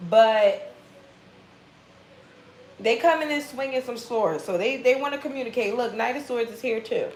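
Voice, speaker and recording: A woman giving a casual tarot reading in a blunt, profane, animated way. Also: a little high, normal speed, echoey room, low-quality recording. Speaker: tarot reader.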